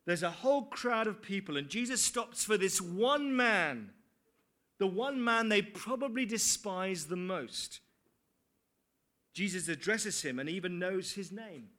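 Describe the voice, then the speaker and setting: A man's voice: high voice, lively intonation, measured pace, pushed and bright. A man preaching a sermon, earnest, with rhetorical questions and dry asides.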